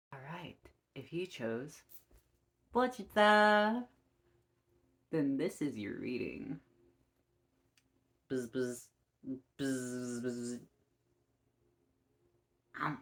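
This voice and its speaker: A tarot reader giving a casual reading to camera, speaking slowly and gently with many ums, encouraging and easily moved to laughter. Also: mid-range voice, creaky. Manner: slow and gentle with frequent ums, warmly encouraging; gushing and easily emotional, often laughing.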